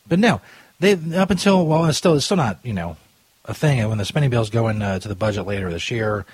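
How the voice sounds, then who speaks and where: A man's voice: on the high side, breathy edge, dry recording. A man hosting a podcast in a stoner Jesus persona, ranting and joking with lots of profanity. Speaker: podcast host. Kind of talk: casual rant podcast.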